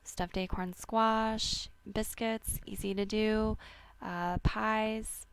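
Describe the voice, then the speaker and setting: A woman hosting a wellness talk, giving casual seasonal health advice in a slow, rambling way with many fillers and restarts. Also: medium pitch, fairly even intonation, clear, resonant tone, no room sound. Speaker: wellness host.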